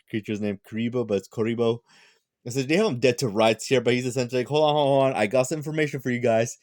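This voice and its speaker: A tired young man reviewing a manga chapter in a casual, rambling chat, full of fillers and quick restarts. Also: mid-range voice, a little mellow, no echo, studio quality.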